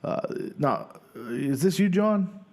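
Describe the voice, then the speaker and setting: A man's voice: a little high, lively intonation, slow, gravelly, darkish tone. A man co-hosting a podcast in casual chat, upbeat and joking while reading out listener reviews. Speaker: podcast co-host.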